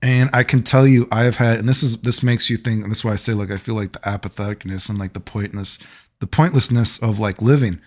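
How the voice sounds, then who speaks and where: A man's voice: on the low side, steady tone, fast, a little mellow. A man vlogging, telling personal stories in a loose, rambling way, full of fillers and frequent laughter. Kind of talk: casual rambling storytelling.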